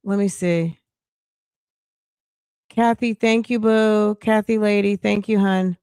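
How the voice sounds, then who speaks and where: A woman's voice: mid-range voice, steady tone, takes it slowly, warm tone, clean tone, no echo. A middle-aged woman hosting a casual livestream, reading news aloud, reacting bluntly and greeting viewers by name with pet names. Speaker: livestream host.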